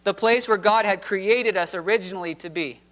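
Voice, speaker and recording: Male pastor, higher voice, unhurried deliberate preaching delivery. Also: fairly bright tone, poor audio. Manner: slow, deliberate preaching cadence. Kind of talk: sermon with scripture reading.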